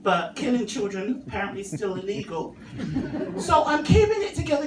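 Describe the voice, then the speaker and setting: A middle-aged woman with a London accent, high-voiced, doing a dry, self-mocking stand-up set. She is picked up from a distance in an echoey room, with a faint hum behind her. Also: big pitch swings, fairly quick, darkish tone. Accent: London English. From England. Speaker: stand-up comedian. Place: open mic venue.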